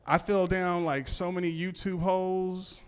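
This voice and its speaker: A man with a fairly high, smooth, clear voice works a comedy club crowd, his talk loose and rambling with stammered restarts. He is miked on stage and sounds clean and close. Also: little pitch movement, unhurried. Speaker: stand-up comedian. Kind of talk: stand-up set before a live audience.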